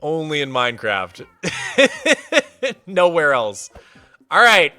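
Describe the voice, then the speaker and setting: Lively, bright-voiced male streamer. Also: a little high, takes it slowly, soft background music. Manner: animated, playful, laughs often; soft baby talk to his cat. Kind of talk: casual livestream chat.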